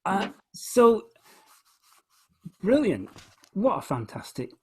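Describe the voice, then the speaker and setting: A man's voice: high voice, wildly swooping pitch, slow, slight background noise. A man hosting a casual conversation, enthusiastically explaining poetry and often restarting his phrases. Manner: enthusiastic, explains by reading lines aloud and stressing beats. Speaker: host, musician.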